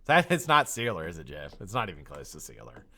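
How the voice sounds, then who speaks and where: Lively, chatty American live stream host. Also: male voice, low voice, brisk. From United States. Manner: lively, chatty, jumps between shout-outs and tangents. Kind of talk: casual live chat greeting viewers. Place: home studio.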